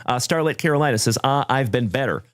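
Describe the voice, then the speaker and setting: A man's voice: mid-range voice, fast. A man hosting a sports card livestream, chatting casually and greeting viewers by name in a folksy, upbeat way. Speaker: card break livestream host.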